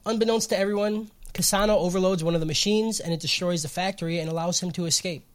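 A man hosting a podcast who recaps an episode in casual, profane chat, getting excited and laughing often. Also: high voice, quick pace, few pauses. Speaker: podcast host.

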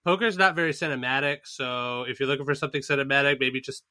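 A man's voice: medium pitch, fairly even intonation, quick pace, bright, forceful tone, dry recording, studio quality. A man co-hosting a podcast, musing wryly in casual chat with many fillers. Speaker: podcast co-host.

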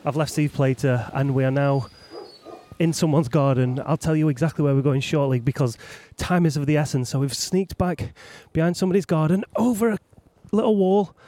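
A man hosting a podcast, chatting casually and giving excited, breathless commentary while climbing through gardens outdoors. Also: a little high, brisk. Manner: excitable, chatty, swears freely. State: out of breath at times. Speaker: podcast host. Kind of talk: casual chat and roving live commentary. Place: outdoors among gardens beside a road race.

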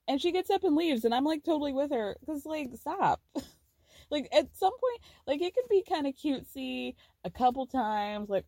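A woman's voice: sits high, moderate pace, no echo. Chatty podcast host woman, dry close sound. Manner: chatty, giggly, animated storytelling. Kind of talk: casual reality TV recap.

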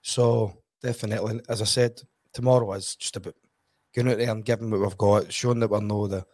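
A man's voice: on the low side, fairly even intonation, a little fast, darkish tone, no room sound. A Scottish man giving blunt football opinions in casual podcast chat. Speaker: football pundit.

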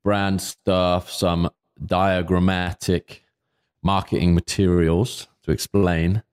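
Deep-voiced laid-back man. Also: little pitch movement, slow, darkish tone, clean tone. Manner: laid-back, rambling with fillers. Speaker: podcast co-host. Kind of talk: casual chat.

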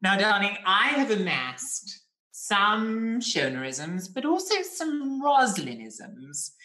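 A man's voice: high-pitched, big pitch swings, slow, bright, forceful tone, poor audio. A man hosting a chat show, flamboyant and fond of ornate, elaborate words. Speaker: host. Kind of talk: casual chat.

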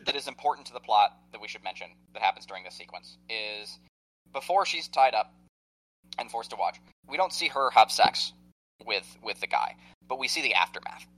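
A man's voice: on the low side, animated, brisk, a bit bright, low-quality recording. A man co-hosting a podcast, talking through a film plot in a rambling, hesitant way. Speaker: podcast co-host. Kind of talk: casual film discussion.

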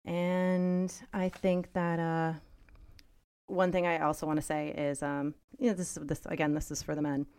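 A woman's voice: low-pitched, level tone, a little slow, a little mellow, smooth. A woman co-hosting a casual podcast chat, speaking earnestly and encouragingly, close to tears at times. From United States. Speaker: podcast co-host.

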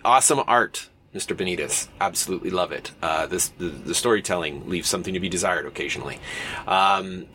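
Male lecturer, casual and digressive, bright tone. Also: sits low, a little fast, a little hiss or hum. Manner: chatty, digressive, with frequent fillers and asides.

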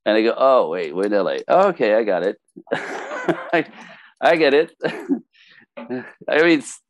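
Guesting on a podcast, a middle-aged man with a French Canadian accent spins a lively story full of laughter, performing the quotes in varied voices. He speaks at medium pitch, a bit slowly, in a dry recording with no room sound.

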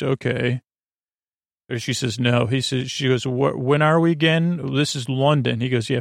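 A man hosting a podcast, loosely retelling a television episode in a halting, casual way with many fillers and restarts. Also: medium pitch, creaky, no room sound, clean studio sound. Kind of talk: sleepy casual retelling of a story.

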